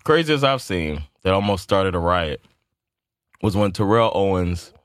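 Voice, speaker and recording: A man's voice: low-pitched, expressive, unhurried, no room sound. Laid-back man telling stories, dry sound. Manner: laid-back storyteller, laughs often, many filler words. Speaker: podcast co-host. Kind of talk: casual chat.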